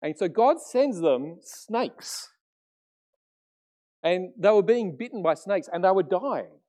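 A man in middle age delivers a sermon as the church's pastor. He talks in a chatty, animated way, slipping into quoted voices to tell the story. His voice sits a little high for a man. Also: slow pace.

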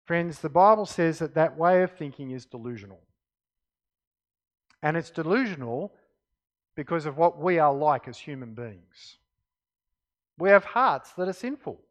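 A man delivers a sermon with a high voice. His pitch swings widely as he reads scripture and drives home each point. He often drops to quiet emphasis. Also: unhurried, pauses often. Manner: expressive Bible reading, dropping to quiet emphasis. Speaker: preacher.

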